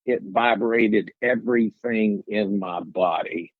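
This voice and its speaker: A man's voice: fairly low pitch, slow, dry recording, narrow, tinny audio. A middle-aged man from Arkansas, telling his story in a rambling, folksy way with restarts. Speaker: guest telling his encounter. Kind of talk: casual storytelling interview.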